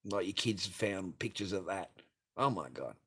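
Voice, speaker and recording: A man's voice: low voice, expressive, normal speed, fairly bright tone, slightly rough. A man hosting a livestream, ranting crudely and laughing as he reads out viewer messages. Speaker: livestream host reading superchats. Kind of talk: crude casual livestream rant.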